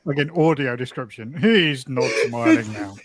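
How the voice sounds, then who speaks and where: A man's voice: medium pitch, animated, moderate pace, a crowd in the background. A man making dry, joking asides in a casual chat among friends.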